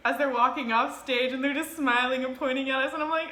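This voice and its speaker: Animated young woman vlogger, bright voice. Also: high voice, moderate pace, roomy sound, a little hiss or hum. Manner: animated, swears freely, acts out her own reactions. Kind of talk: casual storytelling to camera.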